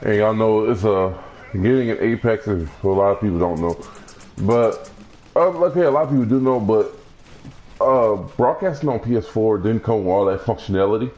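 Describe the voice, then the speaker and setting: A man's voice: fairly low pitch, moderate pace, dark tone, low-quality recording. A young man talking casually about a video game he plays, rambling with many restarts and fillers. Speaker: gaming streamer. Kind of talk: casual gaming commentary.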